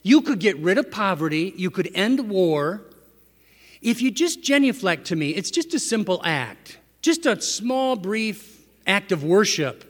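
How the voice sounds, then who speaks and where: A preacher voicing the devil as a smooth, persuasive tempter. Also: male voice, sits high, very animated, measured pace, full character voice. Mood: coaxing. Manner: wheedling, persuasive. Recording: echoey hall reverb.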